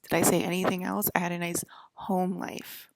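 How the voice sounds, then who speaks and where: A woman talks in a loose, rambling monologue, filling her sentences with "like". Her voice sits low and carries a gravelly fry. The sound is dry and close, with no room around it. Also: monotone, moderate pace, no echo. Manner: rambling, heavy use of "like". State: close to tears.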